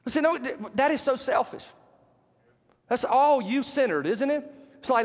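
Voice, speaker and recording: A pastor with a high, light voice preaches to his congregation. He keeps it conversational and calls for "amen" back from the pews. Long reverb from a large church hall follows his words. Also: moderate pace, long pauses. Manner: conversational, call-and-response with congregation. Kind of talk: sermon.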